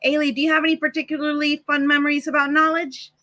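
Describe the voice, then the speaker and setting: Bright-voiced upbeat woman host. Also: high-pitched, flat delivery, quick pace. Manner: upbeat, chatty, laughs easily. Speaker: host and product manager. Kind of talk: casual livestream hosting.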